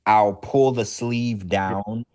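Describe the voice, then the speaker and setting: A man co-hosting a casual podcast recap, chatty and animated, his voice jumping up high when excited. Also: drawn-out words. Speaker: podcast co-host.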